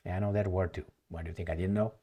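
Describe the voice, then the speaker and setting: A man's voice: sits low, steady tone, racing, warm tone. A man reading news aloud and reacting with heated sarcasm, often searching for words and repeating himself as he goes. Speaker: political commentator.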